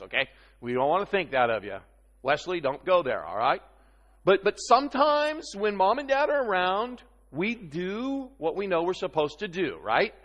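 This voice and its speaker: A man's voice: a little high, fairly bright tone, dull audio. A man preaching a sermon, talking casually and teasing the room, often checking in with "okay?". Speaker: pastor. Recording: long reverb of a hall.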